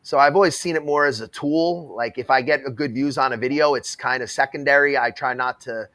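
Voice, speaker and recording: A man talks casually and bluntly as he reacts to video clips, now and then laughing at what he sees. His voice sits in an ordinary middle pitch, relaxed and conversational. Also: a little fast, no room sound.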